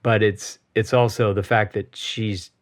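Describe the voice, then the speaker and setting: Lower-voiced man rambling with fillers. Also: fairly even intonation, unhurried. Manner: rambling, loaded with fillers like "you know" and "right". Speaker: podcast co-host. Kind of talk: casual personal conversation.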